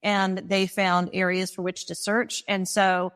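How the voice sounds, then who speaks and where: A woman guest telling a personal story in conversation, animated and acting out the dialogue she recounts, laughing often. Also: mid-range voice, a little slow, clean tone.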